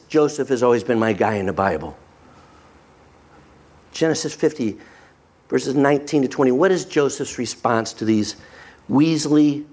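A male pastor preaching a sermon, emphatic and swinging from animated to hushed. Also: mid-range voice.

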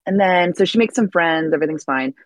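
A woman's voice: fairly low pitch, animated, fast talker, no room sound, poor audio. A woman co-hosting a podcast, recapping a plot with enthusiasm and frequent laughs. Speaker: podcast co-host. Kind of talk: casual podcast chat.

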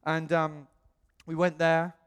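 A British man tells a story from the pulpit, bouncing into acted-out voices as he goes. His voice sits a little high for a man. The sound rings out with a long reverb through the hall. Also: takes it slowly, clear, resonant tone. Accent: British English. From England. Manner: animated, acts out quoted voices. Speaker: pastor. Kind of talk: storytelling sermon.

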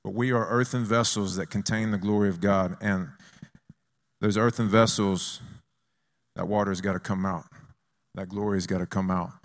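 Male pastor, lower register, animated call-and-response sermon delivery. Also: normal speed, long pauses. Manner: lively, conversational preaching with call-and-response.

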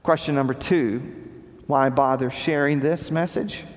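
A man preaching a sermon with emphatic, repeated phrases, his voice dropping low at the ends of lines. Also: steady tone, measured pace. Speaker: pastor. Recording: long reverb of a large hall.

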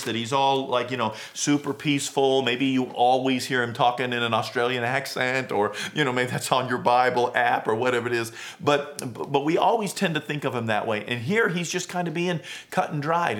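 A man's voice: mid-range voice, fairly bright tone. A man preaching a sermon as a pastor, conversational and earnest, often restarting and questioning himself.

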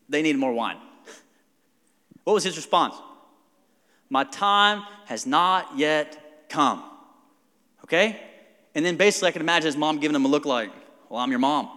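A man, a pastor preaching a conversational, animated sermon and acting out quotes. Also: on the high side, in a large hall.

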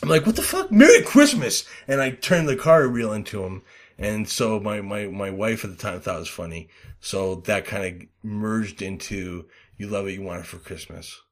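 Rambling low-voiced podcast host. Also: male voice, moderate pace. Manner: rambling, full of fillers, swears and loud acted-out quotes. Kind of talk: casual podcast chat.

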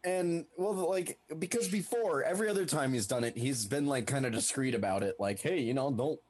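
A man's voice: mid-range voice, a little fast, darkish tone. A man co-hosting a podcast, chatting casually about a TV episode, laughing often and swearing. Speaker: podcast co-host. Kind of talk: casual chat recapping a TV show.

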